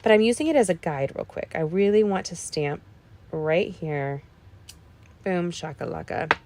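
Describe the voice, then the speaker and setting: Chatty gravelly-voiced woman crafter. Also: lowish voice, lively intonation, normal speed, a little mellow. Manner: chatty, folksy asides to viewers. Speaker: card-making livestream host. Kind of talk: casual crafting tutorial.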